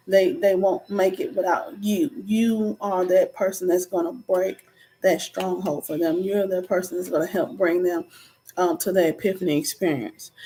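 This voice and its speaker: A woman's voice: mid-range voice, mellow. A woman in her thirties giving an earnest, conversational inspirational talk, with frequent ums and preachy asides. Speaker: vlogger. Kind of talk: casual inspirational talk to camera.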